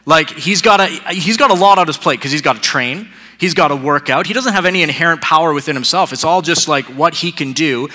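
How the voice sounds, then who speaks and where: A pastor delivers a sermon in a somewhat high, slightly quick voice that is bright and forceful, with barely any pauses. He drives his points home through repetition and drifts into casual, joking asides. The recording carries a long hall reverb.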